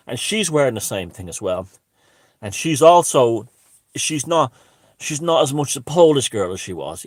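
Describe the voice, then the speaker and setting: A channel host tells a casual story in a rambling fashion, full of restarts, asides and wry self-mockery. His voice is medium-pitched, and the recording has no room sound.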